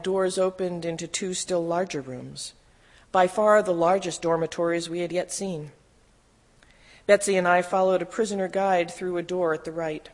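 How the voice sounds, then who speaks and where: A reader steadily narrating a first-person memoir in a measured storytelling voice. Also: medium pitch. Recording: long hall reverb.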